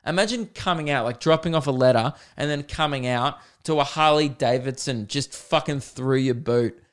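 Bloke, young, smooth clear voice, animated comic storyteller, swears a lot. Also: male voice, fairly high pitch, brisk. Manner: animated, self-mocking, swears freely. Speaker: podcast host. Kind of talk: comedic storytelling.

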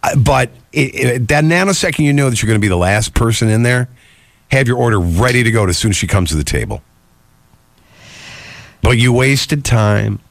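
Blunt man with a gravelly voice. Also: mid-range voice, animated, quick pace, dry recording. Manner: blunt, opinionated. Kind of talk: casual chat.

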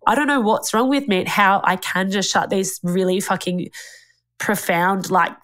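A woman's voice: mid-range voice, normal speed, a bit bright. A young woman, talking in a tearful, rambling way on a casual podcast, swearing often and quoting herself. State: tearful, crying. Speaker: podcast host. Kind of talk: casual emotional chat. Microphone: studio microphone.

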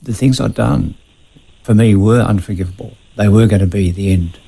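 A man speaking as a radio interview guest, measured and confessional about his past. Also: fairly low pitch, creaky, mellow, slightly rough, poor audio. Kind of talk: personal testimony in a radio interview.

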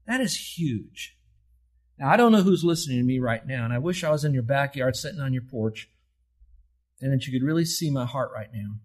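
A man's voice: mid-range voice, lively intonation, quick pace, a little mellow. A middle-aged male pastor delivering an earnest, conversational sermon that builds to rising emphasis.

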